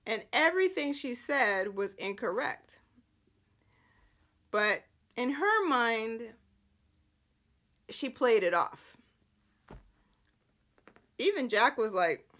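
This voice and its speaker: A woman's voice: a little high, a bit bright. A woman hosting a podcast, chatting casually and with amusement through a soap-opera recap full of rambling asides. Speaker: podcast host. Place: indoors at home.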